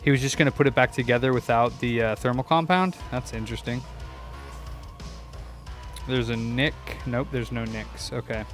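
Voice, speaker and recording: A young man who runs a repair shop talks casually and swears as he hunts for parts and works, rambling to himself and his livestream viewers. His voice is medium in pitch with fairly even intonation, at a normal speed with frequent pauses. Soft music plays in the background.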